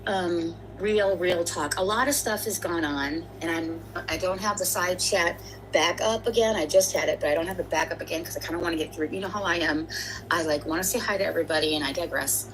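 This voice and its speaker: A woman's voice: fairly low pitch, brisk, a little hiss or hum, poor audio. A woman hosting a casual livestream, chatty and rambling as she greets and thanks viewers. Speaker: livestream host.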